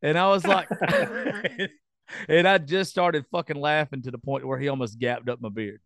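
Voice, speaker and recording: A man's voice: fairly high pitch, very animated, moderate pace, fairly bright tone, no echo, clean studio sound. A man hosting a casual podcast chat, rambling loosely and swearing as he tells stories.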